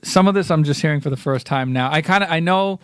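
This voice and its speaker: A man co-hosting a podcast in casual chat, throwing in deadpan wisecracks. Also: fairly high pitch, quick pace, clean tone, no echo, clean studio sound. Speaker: podcast co-host.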